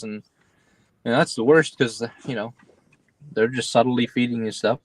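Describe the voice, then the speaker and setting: A man's voice: mid-range voice, fairly even intonation, normal speed, pauses often, dry recording, rough recording. A man with a mid-range voice calls in as a podcast guest. The sound is dry and close, and he talks casually in a loose, rambling way, agreeing with the host. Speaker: call-in guest. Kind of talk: casual chat.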